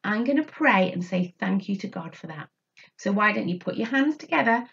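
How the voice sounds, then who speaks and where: A woman telling a story to preschool children in an animated, sing-song way, inviting them to join in with actions. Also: mid-range voice, moderate pace, creaky, muffled recording. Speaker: children's church leader.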